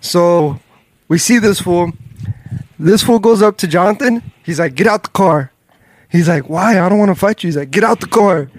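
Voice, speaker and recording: A man's voice: high voice, normal speed, dry recording. A man recounting a story in slangy, profane casual chat.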